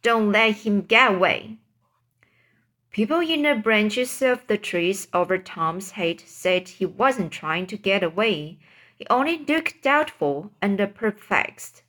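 A woman's voice: medium pitch, big pitch swings, takes it slowly, fairly bright tone. A woman reading a classic novel aloud, stumbling and restarting on hard words. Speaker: reader.

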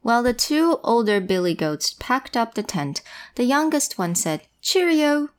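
A woman's voice: on the high side, very animated, moderate pace. Playful woman reading a storybook aloud. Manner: playful, asks questions, switches languages. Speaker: bilingual storyteller.

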